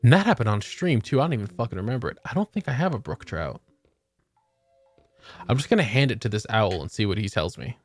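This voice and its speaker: With faint music behind him, a man talks fast in a sing-song, medium-pitched voice. He's streaming a video game and trading profane, joking banter with viewers. It's casual gameplay chatter with plenty of swearing.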